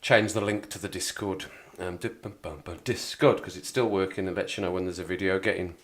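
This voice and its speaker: A man's voice: deep voice, fairly even intonation, a little fast. A man with a West Midlands accent, hosting a casual livestream chat, rambling and chatty with frequent laughs. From Wolverhampton area, England. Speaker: livestream host.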